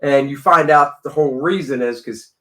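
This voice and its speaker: A man's voice: medium pitch, normal speed, fairly bright tone. A man co-hosting a casual movie review chat, chatty and joking.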